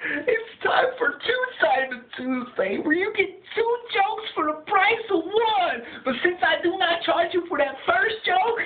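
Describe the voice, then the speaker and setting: A man putting on a drawn-out, whiny falsetto voice to announce a weekly joke show. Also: lively intonation. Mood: whiny announcing. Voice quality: high wailing falsetto. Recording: tinny phone-like echoey sound.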